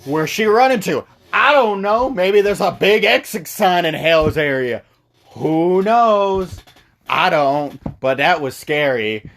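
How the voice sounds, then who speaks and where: A man's voice: sits high, lively intonation, slow, creaky, fairly bright tone. A young man recapping a movie in a rambling, profane, stumbling comic style. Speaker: video host recapping a movie.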